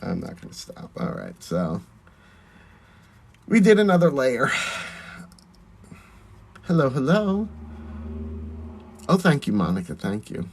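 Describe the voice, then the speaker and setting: A man's voice: medium pitch, wildly swooping pitch, slow pace, pauses often, darkish tone. A man who performs in drag, chatting casually on a phone live stream while doing his makeup, reading out and answering viewer comments. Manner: chatty, reads viewer comments aloud and thanks them.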